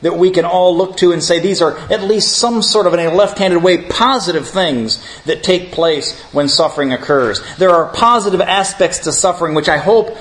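Earnest higher-voiced man teaching theology. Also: moderate pace, few pauses, a bit bright. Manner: earnest, addresses listeners as friends. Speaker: Bible teacher. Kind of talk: theology class lecture with opening prayer.

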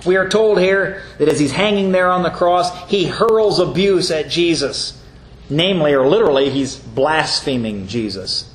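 A man's voice: on the high side, moderate pace. A man preaching a sermon as pastor, earnest, reading scripture aloud and explaining it. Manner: earnest, reads scripture aloud with brief mocking voices. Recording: echoey room with faint ambience.

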